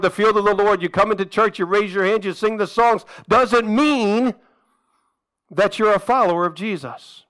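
A man's voice: high voice, a bit bright, low-quality recording. A male pastor preaching a conversational sermon, asking the congregation direct questions and repeating phrases for emphasis.

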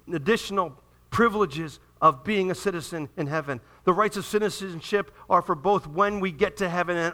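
A pastor with a high-sitting voice preaches in a church sanctuary, his sermon alternating between forceful, loud emphasis and soft, hushed pleading.

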